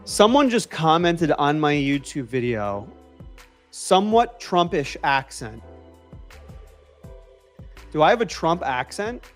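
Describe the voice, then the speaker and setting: A man with a mixed New York and Boston accent hosts a casual coding livestream, his voice sitting a little high. He sounds upbeat and loose, repeating phrases and answering viewers. Faint lo-fi music plays behind him. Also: sing-song, moderate pace, hardly any pauses. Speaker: livestream host.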